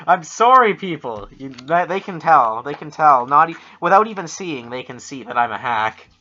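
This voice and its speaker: Bright-voiced wry Canadian man, lo-fi. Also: a little high, big pitch swings, normal speed. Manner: wry, self-mocking, mock-solemn fortune telling. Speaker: podcast co-host. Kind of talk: casual joking chat. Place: home room at a computer. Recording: dull lo-fi home computer mic.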